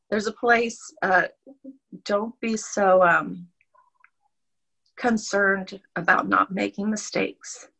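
A woman shares her faith in a relaxed, reflective way, and her voice often drops into a gravelly fry. She rambles a little and laughs softly between thoughts. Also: mid-range voice, extremely slow, long pauses, rough recording. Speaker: guest participant in a ministry challenge. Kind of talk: casual faith testimony.

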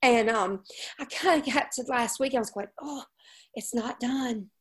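A woman hosting a casual Christian women's ministry chat, effusive and encouraging, with rambling restarts and warm laughs. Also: fairly high pitch, normal speed, breathy edge.

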